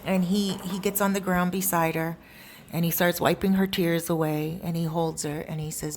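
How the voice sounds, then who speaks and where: A woman telling a story in a casual, animated, conversational way with chatty asides. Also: lowish voice, normal speed, slight background noise.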